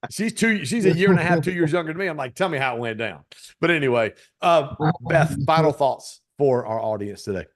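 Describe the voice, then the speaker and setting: A man hosting a podcast in casual interview chat, an animated storyteller who acts out the lines he quotes. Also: on the high side, a little fast, hardly any pauses. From Detroit. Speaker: podcast host.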